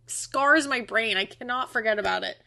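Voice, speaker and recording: A woman co-hosting a film podcast, chatting casually and excitedly, laughing often and swearing freely. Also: fairly high pitch, moderate pace, vocal fry. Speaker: podcast co-host.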